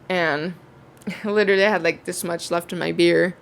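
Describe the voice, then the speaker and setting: Chatty young woman with a gravelly edge. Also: fairly low pitch, fairly even intonation, normal speed. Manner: chatty, swearing freely, lots of fillers. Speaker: vlogger. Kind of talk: casual storytime.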